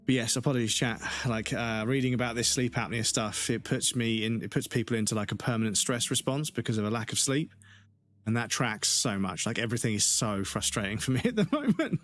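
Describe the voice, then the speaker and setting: A man's voice: medium pitch, animated, fairly quick, a bit bright. A man chatting casually while livestreaming a game, swearing and laughing at his own frustration. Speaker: streamer. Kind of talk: casual livestream gaming chat. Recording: game music playing behind.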